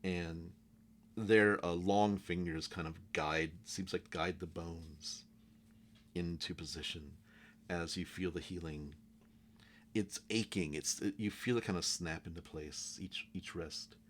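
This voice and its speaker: A man with a very deep voice runs a tabletop game as game master. He narrates slowly and haltingly, pausing often to find his words, with a faint hum behind him. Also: steady tone, a bit bright. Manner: halting, with many pauses and ums.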